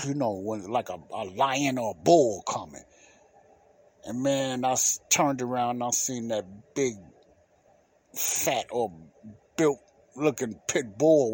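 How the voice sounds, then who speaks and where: A man's voice: mid-range voice, breathy edge. A middle-aged man hosting a podcast, telling a personal story in loose, casual speech and laughing often. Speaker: podcast host.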